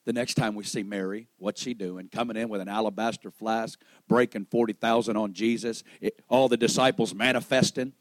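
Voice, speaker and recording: A man preaching a sermon, dramatic, swinging between loud exclamation and hushed storytelling, acting out the dialogue in the stories he tells. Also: fairly low pitch, fairly even intonation, brisk, few pauses, dry recording.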